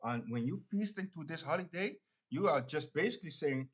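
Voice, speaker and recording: A man preaching in an informal, halting way, full of restarts and fillers, who ends nearly every phrase with "man". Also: a little high, animated, breathy edge.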